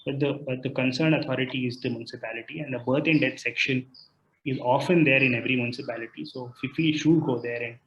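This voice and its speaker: A man's voice: medium pitch, steady tone, quick pace, a little hiss or hum. A man acting as a legal expert, explaining citizens' rights in a live online Q&A, hesitant with frequent restarts and fillers. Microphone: video call. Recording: roomy, muffled video call audio.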